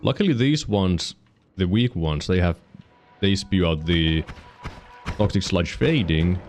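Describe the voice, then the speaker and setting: With soft music behind him, a Finnish-accented man streams a game and comments casually in a deep, expressive voice at a measured pace. He rambles, fixes his own explanations of the mechanics as he goes, and hiccups from time to time.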